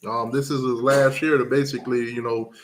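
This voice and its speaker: A man's voice: mid-range voice, a little fast. Laid-back man hosting a sports stream. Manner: relaxed, musing, lots of ums, reads out chat picks. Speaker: live stream host. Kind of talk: casual sports talk stream.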